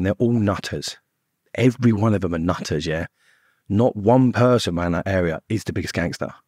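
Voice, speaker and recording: A man's voice: sits low, a little mellow, no room sound, studio quality. A middle-aged man, telling his story as a podcast guest in a blunt, rambling way full of swearing. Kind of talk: casual storytelling.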